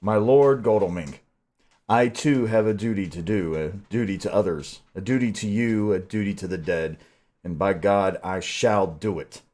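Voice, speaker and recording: Guy reading stern old professor, grave and measured, lowish voice. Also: darkish tone, close to an everyday voice. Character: grave old male Dutch professor, stern yet tender. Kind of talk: audiobook reading.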